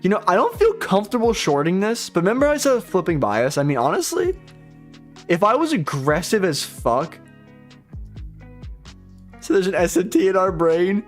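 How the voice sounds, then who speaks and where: Against soft background music, this young man's high voice swings hugely in pitch, fast and with few pauses. He trades futures on a live stream, rambling in a casual, profane, self-deprecating way.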